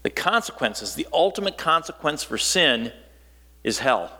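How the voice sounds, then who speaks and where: A man from northern Wisconsin preaching a sermon in a conversational, storytelling way, dropping low and quiet for emphasis. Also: big pitch swings, unhurried, long reverb tail.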